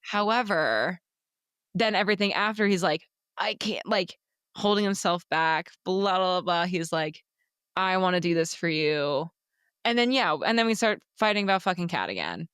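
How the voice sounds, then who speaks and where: A woman's voice: lowish voice, animated, moderate pace, fairly bright tone, clear, resonant tone, no echo, studio quality. A woman co-hosting a casual book podcast, talking animatedly, swearing freely and acting out characters' lines. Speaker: podcast co-host.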